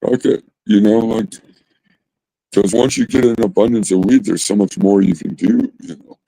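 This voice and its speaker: A man's voice: lowish voice, normal speed, vocal fry, warm tone, poor audio. A man hosting a casual livestream chat, laid-back and rambling, with casual swearing. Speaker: host.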